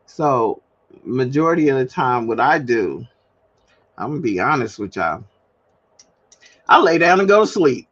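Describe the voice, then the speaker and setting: Woman, livestream host, candid solo monologue, chatty and confiding, unhurried, dull lo-fi stream audio. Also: low voice, very animated. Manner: chatty, confiding, laughs at herself.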